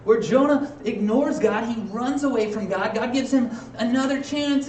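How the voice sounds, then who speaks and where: A man preaching a sermon in a casual, conversational way, acting out quick playful asides. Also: extremely high pitch, a little mellow, slight background noise. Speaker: pastor. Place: church sanctuary. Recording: echoey room, mic from a distance.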